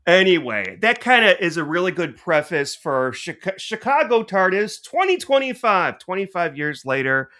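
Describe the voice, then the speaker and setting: A middle-aged man co-hosting a podcast, telling stories in an animated way and laughing often. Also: high-pitched, moderate pace, few pauses. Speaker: podcast co-host. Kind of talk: casual podcast chat.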